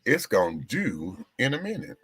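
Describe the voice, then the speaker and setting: A man's voice: mid-range voice, huge pitch swings, normal speed, a bit bright, husky. A man hosting a live-stream gossip show, sassy, theatrical and profane, chatting to viewers while he fixes his setup. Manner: talks to the audience while fixing tech. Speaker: show host.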